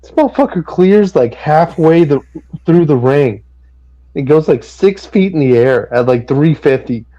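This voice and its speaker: A man's voice: fairly high pitch, lively intonation, a little slow, dark tone. A man on a casual wrestling podcast telling stories with swearing and amusement, on a dull lo-fi mic. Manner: profane, amused storytelling. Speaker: podcast co-host.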